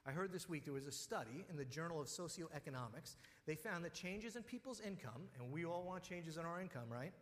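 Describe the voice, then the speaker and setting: A man's voice: on the high side, lively intonation, a little fast, few pauses. A man preaching a sermon as pastor, talking conversationally and telling personal stories. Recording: long hall reverb.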